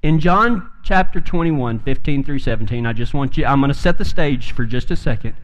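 A man's voice: mid-range voice, lively intonation, fairly quick. A man preaching a sermon, telling stories in a folksy way and building to emphatic peaks. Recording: long reverb of a hall.

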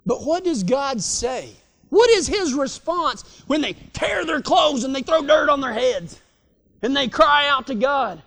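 A man's voice: extremely high pitch, expressive, unhurried, a bit bright. A man preaching a folksy sermon, telling stories with frequent restarts. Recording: long reverb of a hall.

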